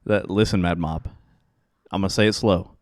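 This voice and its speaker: A man hosting a casual sports podcast with his co-hosts, energetic and rambling, with frequent restarts. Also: sits low, moderate pace, no room sound, studio quality. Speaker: podcast host. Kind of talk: casual chat.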